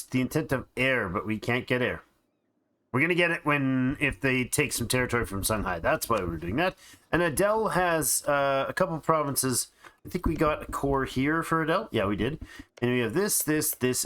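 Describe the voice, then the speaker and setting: This let's play host is a worn-out man who yawns as he talks, his voice mid-range and slightly bright. He muses aloud over the game casually, frequently starting his sentences over.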